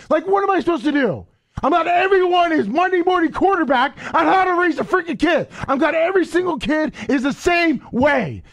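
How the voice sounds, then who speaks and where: High-voiced man ranting angrily. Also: fairly bright tone. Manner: aggravated, ranting, swearing; repeats filler words. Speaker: radio show co-host. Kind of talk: heated on-air rant.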